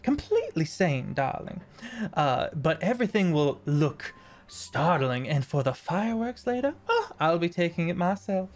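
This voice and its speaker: A woman's voice: fairly low pitch, big pitch swings, moderate pace, darkish tone. A woman voicing a sly female potion vendor who drawls and calls people darling.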